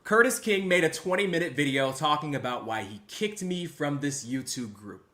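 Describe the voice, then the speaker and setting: A man hosting a livestream, mock-emotional, jumping between loud outbursts and hushed mumbling. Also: on the high side, animated, normal speed. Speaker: host. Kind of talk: livestream commentary.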